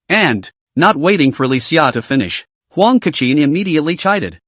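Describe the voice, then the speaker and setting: A man narrates a story recap in a somewhat high, lively voice that rises and falls a lot. He reads every character's lines in his own narrating tone. The sound is dry and close. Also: moderate pace, hardly any pauses, no echo. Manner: reads all dialogue in the same narrating voice.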